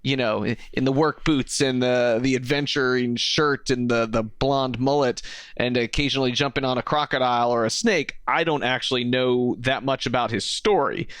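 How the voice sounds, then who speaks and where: A man's voice: medium pitch, steady tone, fairly bright tone, smooth, no room sound. Guy cohosting a podcast, trips over his words a bit, dry mic. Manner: hesitant, halting, restarts. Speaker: podcast co-host. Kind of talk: casual chat.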